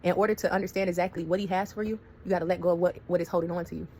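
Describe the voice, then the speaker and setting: Fast-talking woman telling a wild story. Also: on the low side, steady tone, a little mellow, slight background noise. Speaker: storyteller vlogger. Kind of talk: casual storytelling vlog.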